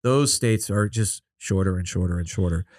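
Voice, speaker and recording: A man's voice: sits low, normal speed, a little mellow, dry recording, clean studio sound. A man hosting a podcast, chatting casually and rambling, with many "like" and "you know" fillers. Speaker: podcast host. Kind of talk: casual interview chat.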